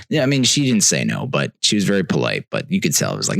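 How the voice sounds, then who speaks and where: A young man, telling a comedic story on a podcast with exasperated ranting that swings from loud outbursts to low mutters. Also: animated, quick pace, creaky, few pauses, dry recording. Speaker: podcast host.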